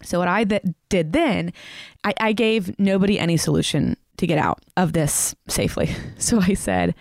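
A woman's voice: on the low side, expressive, normal speed, gravelly, a little mellow, no room sound, studio quality. A woman telling a personal story in a candid, self-mocking way on a podcast.

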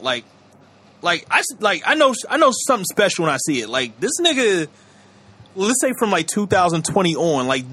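A man's voice: a little high, bright, forceful tone. A man co-hosting a podcast, rambling in casual slangy chat and laughing often. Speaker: podcast co-host.

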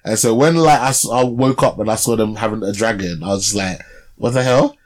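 A man's voice: lowish voice, fairly even intonation, quick pace. A young man co-hosting a podcast, chatting casually about a film with lots of fillers and tag questions. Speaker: podcast co-host. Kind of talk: casual film review chat.

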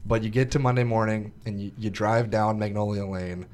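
A man of medium pitch leads a relaxed podcast conversation. He sets up each story and asks follow-up questions. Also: fairly quick. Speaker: moderator. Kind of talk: casual interview chat.

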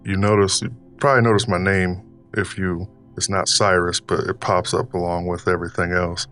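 A man's voice: low-pitched, flat delivery, moderate pace, a bit bright, faint music behind. A man putting on a drawling Southern accent as a folksy old grandpa character, rambling casually with lots of fillers. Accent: put-on Southern US. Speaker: podcast host.

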